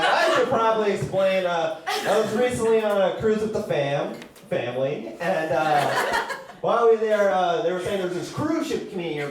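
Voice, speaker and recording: A man doing a stand-up comedy set with absurd bits and deadpan, meta asides in a small gallery venue. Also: high voice, moderate pace, very noisy. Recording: echoey room, distant mic, loud crowd.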